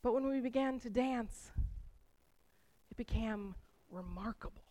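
A woman preaching from the pulpit, her voice sitting high. She tells personal stories with animated energy, rising as the feeling builds. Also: unhurried. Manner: animated storytelling, voice rising with emotion.

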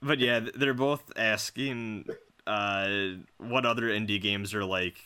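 A man with a bright voice, a little low in pitch, co-hosts a casual group podcast. He reads listener emails aloud and laughs often. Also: steady tone, measured pace, smooth. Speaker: podcast co-host.

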